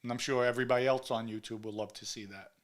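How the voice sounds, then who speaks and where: A man's voice: mid-range voice, steady tone, quick pace. A man hosting a casual live chat show, talking emphatically and repeating words for stress. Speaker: livestream host.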